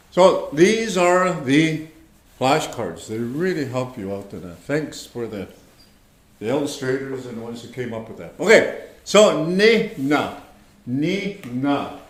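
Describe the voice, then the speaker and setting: A man teaching an online language class, speaking slowly and patiently, repeating words and checking in with his students. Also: mid-range voice, very animated, reverberant. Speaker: language instructor.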